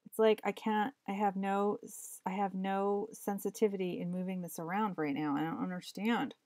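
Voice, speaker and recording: A woman's voice: medium pitch, steady tone, normal speed, darkish tone, dry recording. Frustrated woman muttering while drawing. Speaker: comic artist streaming her drawing. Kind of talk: casual live-stream commentary. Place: home workspace.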